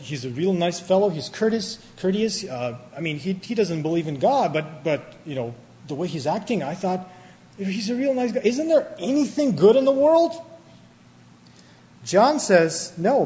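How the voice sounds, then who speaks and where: A man preaching a sermon, animated and emphatic, often restarting his words. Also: on the high side. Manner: animated, rising to emphatic peaks, with many restarts. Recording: hall reverb with faint ambient noise.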